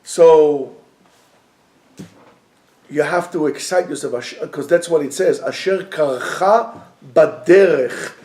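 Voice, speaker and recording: A man teaching a lively Torah class to students, joking and mixing in Hebrew phrases. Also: on the high side, slow pace, pauses often, reverberant.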